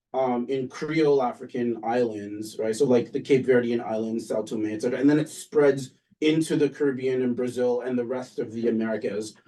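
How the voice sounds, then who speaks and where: A man delivering an academic lecture to an audience, talking in a loose, conversational way and often stopping for an "um" or "uh." His voice has a mellow, dark tone, and it is picked up from a distance in a lecture room. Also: medium pitch. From Canada. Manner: conversational, with frequent "um" and "uh" pauses. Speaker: political science professor giving a book talk.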